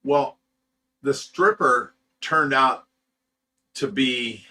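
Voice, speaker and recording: Bright-voiced profane male streamer. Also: mid-range voice, drawn-out words. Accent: Ohio. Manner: blunt, profane, rambling with many restarts. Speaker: livestream host of a fish rescue channel. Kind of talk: casual livestream storytelling.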